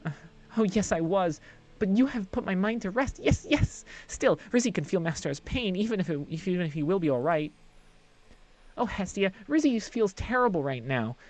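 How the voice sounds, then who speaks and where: A streamer doing a squeaky little kobold girl. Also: lively intonation, normal speed, a little mellow, close to an everyday voice. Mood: eager. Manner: squeaky, sing-song, repeats herself, talks in third person. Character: excitable little female kobold servant. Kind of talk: live-streamed game voice acting.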